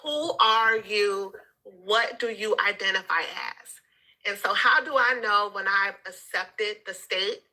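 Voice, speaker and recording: A woman tells a personal story in a casual group chat. She is animated and laughs often, and her voice is bright and mid-pitched. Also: takes it slowly, rough recording. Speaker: group participant.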